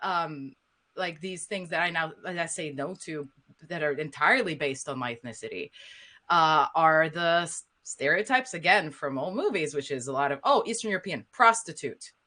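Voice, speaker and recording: A woman with a Slovenian accent speaks on a panel in a bright, forceful voice set a little low. She talks frankly and with animated emphasis, pressing her points home. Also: normal speed. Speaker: voice actor, panelist. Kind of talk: panel discussion.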